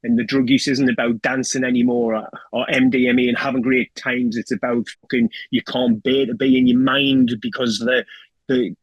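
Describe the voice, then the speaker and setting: A middle-aged Geordie man from North East England, appearing as an interview guest, recounts his own life story rawly and emotionally, swearing a lot and repeatedly saying "do you know what I mean." His medium-pitched voice is husky, and the recording is low quality though without echo.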